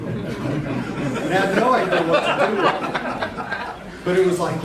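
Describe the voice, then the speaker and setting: A middle-aged man with a fairly high voice talks casually to a live audience, joking, swearing and laughing as he goes. He is picked up from a distance in an echoey room. Background noise runs under his voice. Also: very animated, measured pace, pauses often. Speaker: webinar presenter.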